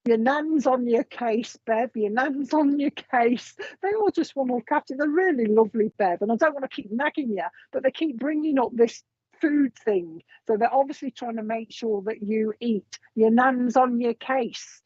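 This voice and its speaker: A woman's voice: on the high side, normal speed, darkish tone, no echo, highs cut off. A woman giving a live mediumship reading. She talks in a chatty, meandering way and passes along messages with frequent ums. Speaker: psychic medium.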